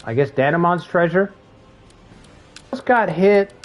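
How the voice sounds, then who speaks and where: His voice sits high and animated, yet unhurried, with soft music in the background. The streamer casually narrates gameplay and work stories, laughing at jokes and swearing openly.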